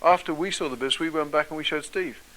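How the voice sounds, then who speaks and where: A British man speaking to an audience as a motivational speaker, telling his story in a conversational tone. He often turns to his listeners with questions. His voice is bright and a touch high. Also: quick pace, rough recording. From Britain.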